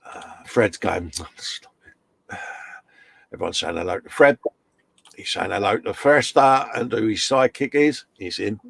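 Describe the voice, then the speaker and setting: A man's voice: lowish voice, measured pace, creaky, pauses often, slightly rough, no echo. A man co-hosting a casual live stream, chummy and joking as he reads out chat comments. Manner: chummy banter, reads chat messages aloud.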